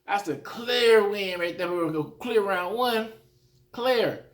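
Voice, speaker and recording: A man casually recaps rap battles in an animated way, acting out his own reactions. His voice sits high and he takes his time.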